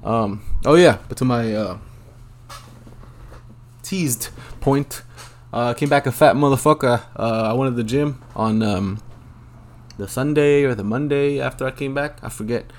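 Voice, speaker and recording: A man's voice: medium pitch, measured pace. A young man hosting a solo podcast, rambling casually and swearing a lot in a laid-back way. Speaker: podcast host. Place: Los Angeles, at home.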